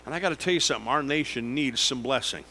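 A man, a pastor preaching a sermon in a slow, emphatic way with sudden lifts in pitch. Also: sharp tone, slight background noise, poor audio.

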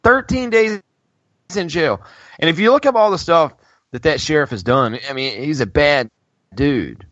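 A man's voice: mid-range voice, animated, moderate pace, a bit bright, dry recording. Casting: man, podcast co-host, stammers and repeats himself, dry lo-fi mic. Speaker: podcast co-host reading chat. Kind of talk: casual podcast chat.

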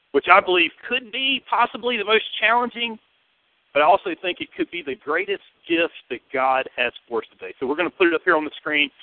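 A man with a Southern US accent preaching a sermon to his church, lively and joking in a conversational way. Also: on the high side, no echo. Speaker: pastor. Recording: tinny, phone-like and dry.

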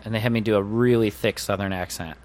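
A man's voice: fairly low pitch, steady tone, fast talker, a little mellow, a little hiss or hum. A man guesting as an actor on a podcast, chatting casually and rambling, often trailing off unsure.

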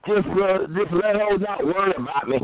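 A man's voice: sits high, moderate pace, noisy background. A man bantering and teasing in a casual interview, joking about himself. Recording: tinny phone line.

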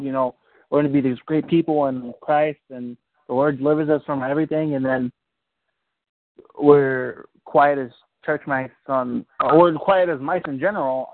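A man's voice: medium pitch, dry recording. A man taking part in a Bible study. He talks in a casual, rambling, reflective way. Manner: rambling, loose and conversational. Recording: dry, tinny phone line.

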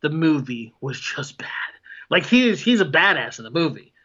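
A man's voice: a little high, sing-song, moderate pace, sharp tone. A man co-hosting a podcast, giving blunt, profane movie opinions in casual banter and laughing often. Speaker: podcast co-host. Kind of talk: casual film-review banter. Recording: dull lo-fi podcast audio.

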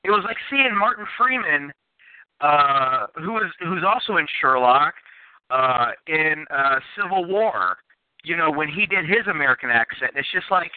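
A man's voice: a little high, lively intonation, measured pace, dry recording. A man as a podcast guest, chatting enthusiastically and rambling with restarts. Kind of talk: casual chat. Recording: phone-like narrow sound, dry.

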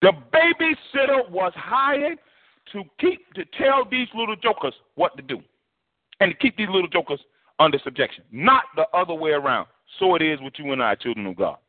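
A man's voice: high-pitched, normal speed. A man preaching a sermon as pastor, colloquial and preachy. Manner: preachy, colloquial, animated with put-on voices. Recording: tinny phone-like broadcast audio.

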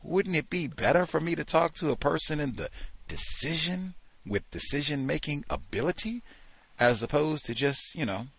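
A man's voice: fairly high pitch, expressive, normal speed, vocal fry, a bit bright, slightly rough, no echo. A man hosting a talk show, giving incredulous, mocking commentary and acting out the people he quotes. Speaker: host.

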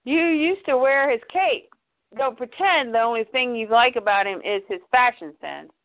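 Woman doing pushy young guy friend, high n urgent, tinny phone sound. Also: animated, moderate pace. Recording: phone-like line.

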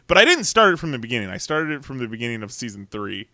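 A man's voice: mid-range voice, very animated, fast, pushed and bright. A man co-hosting a podcast in casual chat, ranting with plenty of swearing and frequent laughs. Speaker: podcast co-host.

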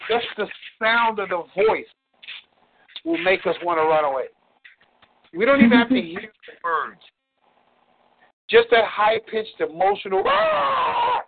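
A man's voice: high-pitched, very animated, measured pace, vocal fry, long pauses. A man giving blunt relationship advice on a call-in show, preachy and repeating words for emphasis. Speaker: relationship coach. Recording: tinny phone-line sound.

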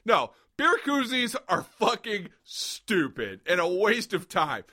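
High, bright-voiced ranting man. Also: huge pitch swings, slow, breathy edge. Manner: profane, ranting, laughs often. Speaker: podcast host. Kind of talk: casual podcast banter.

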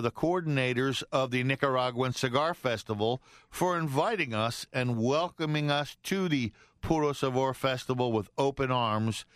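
A man's voice: medium pitch, a bit bright, no echo. A man hosting a live radio talk show from a studio, upbeat and joking as he banters with his co-host. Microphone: studio microphone.

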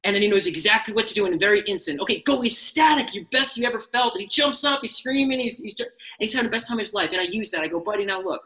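Fast-talking, animated male coach. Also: high voice, poor audio. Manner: animated storytelling, acts out quoted lines. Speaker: life skills coach, guest. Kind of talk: casual radio show interview.

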